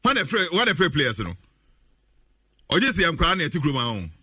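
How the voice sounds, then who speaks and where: A man with a Ghanaian accent giving animated sports talk, laughing often and repeating phrases for emphasis. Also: fairly high pitch, fairly quick, slightly rough, no room sound, clean studio sound. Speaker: football commentator.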